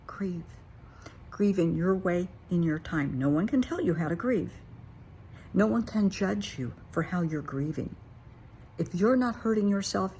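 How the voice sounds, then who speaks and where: An older woman therapist talks straight to her viewers, earnest and encouraging in a plain-spoken way. Her voice sits low and has a gravelly fry to it, with a faint hum of noise behind her. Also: a little mellow. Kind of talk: motivational talk to camera.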